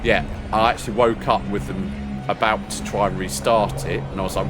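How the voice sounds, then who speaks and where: An older man streaming a game, chatting casually and telling a long rambling story, putting on higher voices when he quotes people. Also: steady tone, fairly quick, music in the background. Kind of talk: casual chat while gaming.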